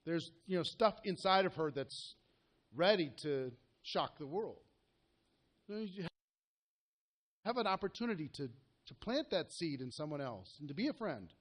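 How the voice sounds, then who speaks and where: A man's voice: on the high side, big pitch swings, normal speed, pauses often. A man coaching a live group, talking earnestly and directly and often asking the room questions. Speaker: network marketing coach.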